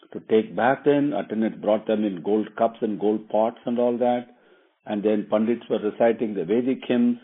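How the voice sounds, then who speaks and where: A man's voice: lowish voice, husky. A man telling a religious epic as a casual lesson, meandering and savoring details. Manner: meandering, with fillers and restarts, relishing details. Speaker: storyteller and teacher. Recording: tinny phone-like line.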